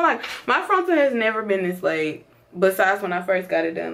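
A woman's voice: medium pitch, expressive, fairly quick, hardly any pauses, fairly bright tone, a little hiss or hum. A young woman talking casually to her vlog audience in slangy speech, packing nearly every phrase with "like" and "bro.". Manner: exasperated, venting. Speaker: vlogger.

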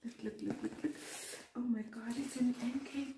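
A woman's voice: fairly high pitch, steady tone, normal speed, vocal fry, warm tone. A young woman vlogging an unboxing in a casual, gushing way, talking straight to her viewers. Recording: echoey room with faint noise.

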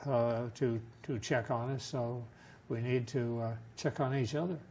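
Older guy asking questions, halting, lots of uh's. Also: medium pitch, steady tone, darkish tone, slight background noise. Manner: hesitant, many fillers and restarts. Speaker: interviewer. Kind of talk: casual interview chat.

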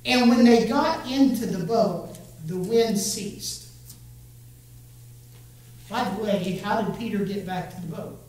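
A man delivers a sermon at an unhurried pace, speaking directly to his congregation and pressing them to answer back. His voice rings through a very reverberant church sanctuary and is picked up from some distance. A faint hum sits underneath. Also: high-pitched. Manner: expressive, talks straight to the congregation and urges them to join in. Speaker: preacher. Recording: very echoey church, voice from far off the mic, faint hum.

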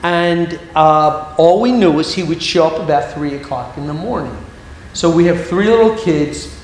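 High-voiced man preaching in an echoey hall. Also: moderate pace, slight background noise. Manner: lively storyteller with humorous asides. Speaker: evangelist. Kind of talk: storytelling sermon. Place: church hall. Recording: very echoey hall, faint ambience.

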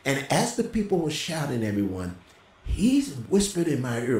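A middle-aged man telling a personal testimony in a casual, animated way, as a co-host. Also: normal speed. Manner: animated storyteller, voice jumps high when quoting. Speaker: prophet and co-host. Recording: roomy echo.

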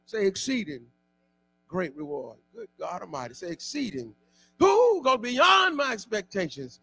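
A male pastor preaching a sermon, calling on the congregation to repeat after him and often shouting. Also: high voice, big pitch swings, measured pace, creaky, husky, no room sound, soft background music. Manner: exhorting call-and-response preaching, often shouting.

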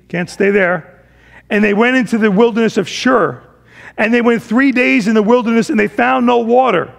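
Male pastor, sermon, high voice, gravelly, dramatic swings from loud to hushed. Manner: dramatic, swings between loud emphasis and hushed low phrases; acts out the Israelites' complaints in a casual voice.

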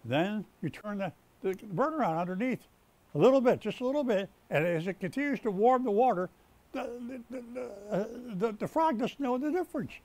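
An older man preaches with a high, lively voice that swoops up as he builds to his points. He stumbles and repeats words, then presses on. The sound is dry and close. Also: a little fast, no echo. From United States. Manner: stumbles and restarts mid-sentence. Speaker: pastor. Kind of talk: sermon. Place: rescue mission chapel.

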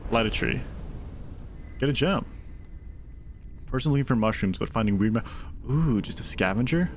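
A man's voice: mid-range voice, lively intonation, normal speed, slight background noise. A man streaming a video game, giving chatty, casual commentary and thinking aloud while he talks to his viewers. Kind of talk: casual commentary over gameplay.

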